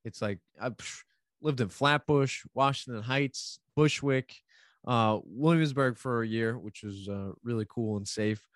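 A man, chatting casually and telling animated gossip stories. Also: mid-range voice, unhurried, dry recording, clean studio sound. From New York, USA. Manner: animated storyteller, mimics other people's voices. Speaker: podcast guest telling stories. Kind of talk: casual chat.

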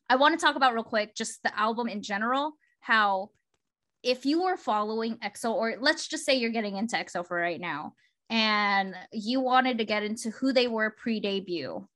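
A woman's voice: fairly high pitch, a bit bright. A young woman co-hosting a podcast, chatting casually and enthusiastically, with lots of fillers and restarts. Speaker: podcast co-host. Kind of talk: casual chat.

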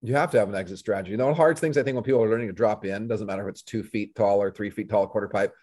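Fast-talking man telling stories. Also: fairly low pitch. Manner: rapid and animated, storytelling with acted-out quotes. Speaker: podcast guest. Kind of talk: casual conversation.

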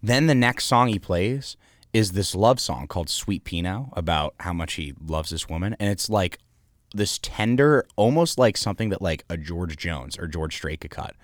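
Podcast guest, male, low pitch, dry close sound, rambling storyteller. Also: moderate pace, no echo. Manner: animated, rambling anecdotes with fillers and swearing. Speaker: guest, founder of an artist house. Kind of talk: casual storytelling in an interview.

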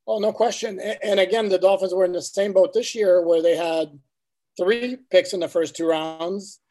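Man with a flat, higher voice. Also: moderate pace. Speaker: guest sports reporter. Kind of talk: casual sports talk.

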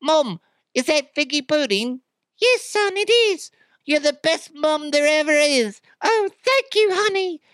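Comic mum-and-son bit: squeaky high dialogue, a man putting on both voices. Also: lively intonation, unhurried, fairly bright tone, no room sound, clean studio sound, full character voice. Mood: campy. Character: British mother and son, campy high voices.

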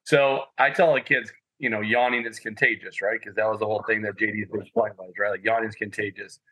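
A man with a lowish, bright and forceful voice tells long stories as a podcast guest. He rambles, piles on fillers and gets animated. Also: brisk, rough recording. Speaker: podcast guest, former college walk-on athlete. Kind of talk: casual storytelling.

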